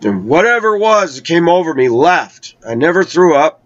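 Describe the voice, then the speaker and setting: A man telling a personal travel story in a conversational way, slowing down to draw out key words. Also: a little high, sing-song, no room sound. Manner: conversational, with slow, drawn-out emphasis. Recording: dull lo-fi recording.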